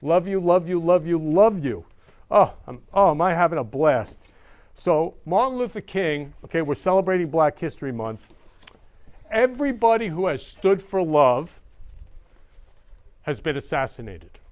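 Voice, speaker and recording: A man's voice: on the high side, lively intonation, a little slow. A male show host talking in an effusive casual monologue, repeating loving phrases over and over.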